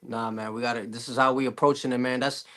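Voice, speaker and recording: Chill canadian rapper dude talking about his music, pretty monotone, lots of you know. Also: medium pitch, fast. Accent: Canadian English. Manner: laid-back, loose with fillers. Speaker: rapper guest. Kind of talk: casual interview chat.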